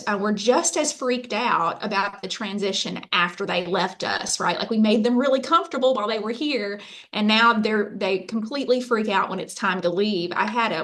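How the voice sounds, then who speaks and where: A woman's voice: mid-range voice, a bit bright. A woman, a university faculty member giving a conversational presentation over a video call, chatty and full of fillers. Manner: chatty storyteller, lots of fillers.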